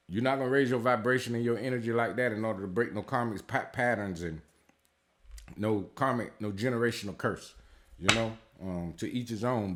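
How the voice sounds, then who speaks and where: In a fairly low voice, a tarot reader offers spiritual advice in a casual talk, swearing heavily and speaking bluntly. He rambles, repeats himself and fills the gaps with filler words.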